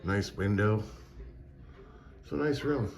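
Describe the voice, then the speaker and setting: A man's voice: lowish voice, slow pace, creaky, recorded from a distance. A man talking casually to his camera, rambling and repeating himself in an exasperated way, sitting in a small care home room. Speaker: vlogger. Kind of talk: casual vlog talk.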